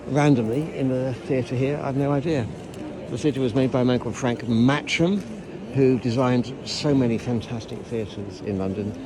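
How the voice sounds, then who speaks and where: A man's voice: mid-range voice, moderate pace. Man guiding a tour on a noisy street. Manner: animated, asks the viewer rhetorical questions. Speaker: London tour guide. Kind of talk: walking tour explainer videos. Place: around London sites, in and out of doors. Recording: noisy city street sound.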